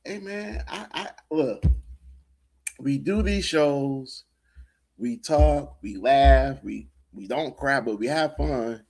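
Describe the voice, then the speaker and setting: A man's voice: mid-range voice, slow, a little mellow. A man co-hosting a podcast in casual banter, teasing his friend and swearing freely. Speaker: podcast co-host.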